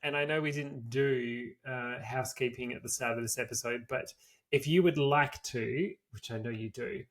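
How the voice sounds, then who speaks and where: A man's voice: mid-range voice, moderate pace, fairly bright tone. A man co-hosts a chatty podcast, reading a history story aloud in a mid-range voice. Between passages he drops into loose, offhand banter and swears freely. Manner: casual, swears freely, reads from notes. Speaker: podcast co-host.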